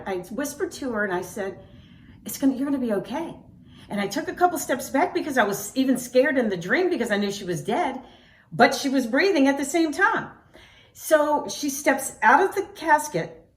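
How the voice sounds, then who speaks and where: A middle-aged woman with a high voice tells personal stories straight to her viewers, earnest and emotional, often restarting her sentences. She sounds a little distant from the mic. The room around her is echoey. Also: fairly bright tone.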